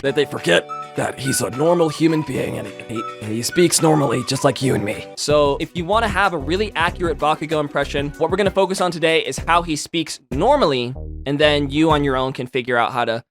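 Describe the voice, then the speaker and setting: A man teaching voice impressions in a casual, comedic tutorial, animated and profane, bursting into yells for emphasis. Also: fairly high pitch, fairly quick, soft background music.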